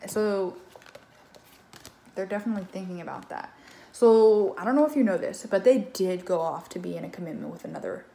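A woman's voice: mid-range voice, a little fast, creaky, warm tone. A woman giving a casual tarot reading in a chatty, loose way, swearing now and then and acting out what others think. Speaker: tarot reader. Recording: echoey room.

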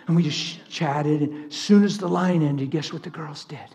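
A man preaching a sermon full of stories, animated, swinging from loud laughter to near whispers. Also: on the high side, moderate pace, gravelly, hardly any pauses, big-room sound. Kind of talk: sermon with storytelling.

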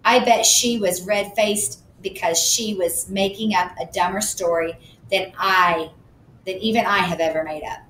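A woman's voice: mid-range voice, unhurried, a bit bright, reverberant, slight background noise, low-quality recording. Woman reading a children's book aloud. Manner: plain, matter-of-fact storytelling. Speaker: audiobook narrator.

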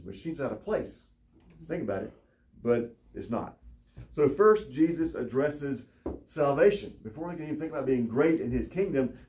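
A man preaching a sermon in a steady middle voice, stressing key words with deliberate pauses. His voice carries through an echoey room from a distance, with noise behind it. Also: mid-range voice. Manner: expository, emphatic teaching with pauses. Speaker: pastor.

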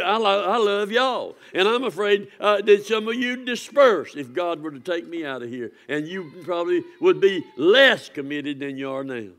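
A man pastor, preaching a sermon with impassioned swings from near-shouts to hushed warnings. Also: high voice.

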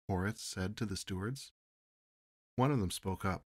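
A man narrating a classic science fiction story in a measured, even audiobook reading. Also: low-pitched.

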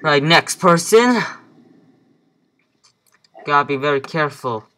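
Young guy doing a let's play, slow chatty muttering, kinda bright sharp voice, jokey and bossy. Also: fairly high pitch, lively intonation, slight background noise. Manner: mutters to himself while playing, playfully bossy. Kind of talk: casual gameplay commentary.

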